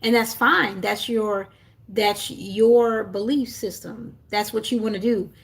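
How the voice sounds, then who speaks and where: A woman's voice: on the high side, fairly even intonation, slow, gravelly. A young woman coaching on self-love in a casual livestream, earnest and encouraging, with lots of fillers and restarts.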